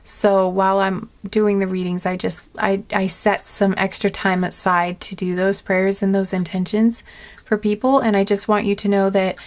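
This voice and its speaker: Gentle rambling woman giving a tarot reading. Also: mid-range voice, flat delivery, normal speed. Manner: gentle, rambling, many fillers and restarts; earnest and emotional. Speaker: tarot reader. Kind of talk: casual spoken tarot reading.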